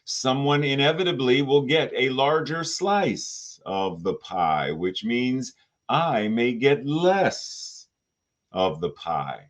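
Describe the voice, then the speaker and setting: A man's voice: mid-range voice, big pitch swings, slow. A man, the spiritual director of a spiritual center, delivering a sermon with rhetorical questions and playful asides.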